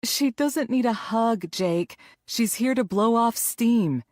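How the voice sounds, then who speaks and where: A woman's voice: a little high, slow, no echo, clean studio sound, pitched above the performer's own voice. A woman voicing a sassy, wry girlfriend. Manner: wry, lively. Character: sassy female friend and colleague.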